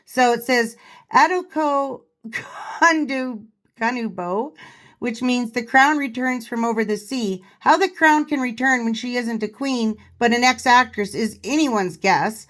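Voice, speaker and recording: A woman's voice: on the high side, normal speed, hardly any pauses, a bit bright. A woman vlogger in casual commentary, giggly and laughing often as she reads and reacts. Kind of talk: casual commentary reading a parody.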